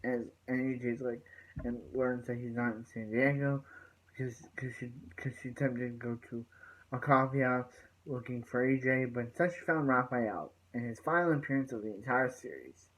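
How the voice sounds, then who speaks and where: A man's voice: mid-range voice, fairly bright tone, rough recording. Man rambling through a TV episode recap. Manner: rambling, loose, with many "so yeah" fillers and quick paraphrased quotes. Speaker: TV show reviewer.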